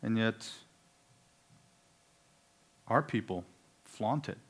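A man preaching a sermon, swinging between loud, emphatic declarations and low, quiet asides. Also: extremely slow.

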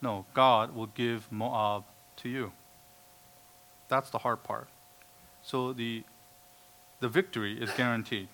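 A man's voice: medium pitch, steady tone, slow, pauses often, a bit bright. A man preaching a sermon, emphatic, quoting scripture and acting out the voices of doubters. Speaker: pastor.

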